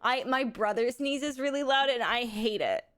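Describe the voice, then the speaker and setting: A woman's voice: fairly high pitch, moderate pace, a bit bright, faint music behind. A woman chatting casually on a live game stream, giggling often and making crude jokes. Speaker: livestream gamer.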